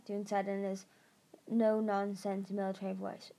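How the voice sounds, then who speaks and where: A woman's voice: medium pitch, little pitch movement, a little slow, creaky, dark tone. A woman narrating an amateur audiobook reading, stumbling over words and restarting.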